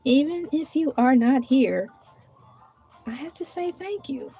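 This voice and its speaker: A woman with a high voice chats slowly and loosely on a live stream from home. She thanks viewers and talks to herself aloud as she types and hunts for things on her table. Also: warm tone, soft background music. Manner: chatty, talks to herself while searching and typing. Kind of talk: casual live-stream chat.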